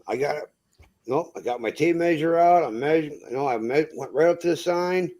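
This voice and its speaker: A man's voice: fairly high pitch, a little fast. Profane man spinning a trucking story. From Massachusetts. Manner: profane, animated storyteller acting out quotes. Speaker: truck driver. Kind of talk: casual storytelling chat.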